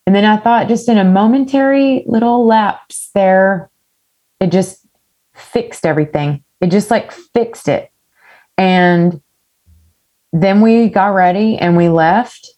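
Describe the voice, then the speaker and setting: A woman with a slightly low voice, chatting as a singer-songwriter guest. She tells her story in a candid, rambling way and swears without a second thought. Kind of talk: casual interview chat.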